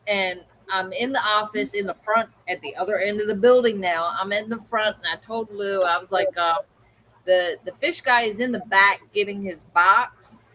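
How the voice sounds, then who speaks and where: A woman's voice: mid-range voice, moderate pace, sharp tone, poor audio. A woman co-hosting a livestream, telling a story in casual chat and acting out the people she quotes. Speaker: co-host of a livestream hangout.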